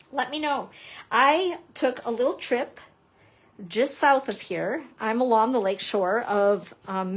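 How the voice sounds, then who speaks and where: Chatty, goofy woman with a higher voice. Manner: chatty, playful, self-mocking asides. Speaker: papercrafting instructor. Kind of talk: casual live-stream craft demo.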